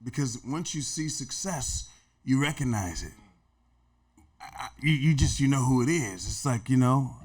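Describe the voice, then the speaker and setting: A man guesting on a podcast, talking in a relaxed, reflective way and often adding "man". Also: medium pitch, moderate pace, husky. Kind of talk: casual interview chat.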